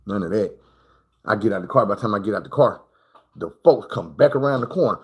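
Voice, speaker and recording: A man's voice: on the low side, lively intonation, quick pace, husky. A man telling a rambling, slangy personal story on a livestream, full of swearing and acted-out moments.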